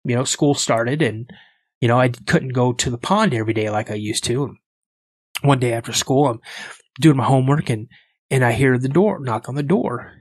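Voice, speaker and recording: A man from the United States, a podcast guest, telling a story in a casual, animated way and acting out the voices in it. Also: mid-range voice, normal speed, no room sound.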